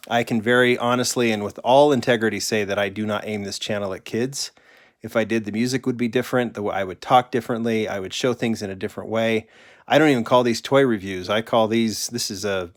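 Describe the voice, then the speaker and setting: A man hosting a live stream, chatting casually and rambling in a candid, joking way. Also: on the low side. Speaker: host.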